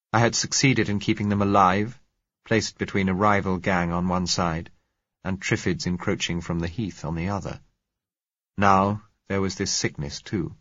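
A man narrating a novel in the first person, measured and reflective. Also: low voice, a bit bright, no echo, highs cut off. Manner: measured, reflective, rising in heated dialogue. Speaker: audiobook narrator.

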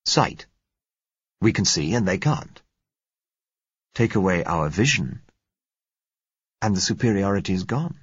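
A man's voice: low voice, animated, unhurried, pauses often, husky, no echo, full character voice. A man reading the lines of an earnest man who argues his theories at length, in a lecturing way. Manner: argumentative, lecturing. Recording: muffled lo-fi recording.

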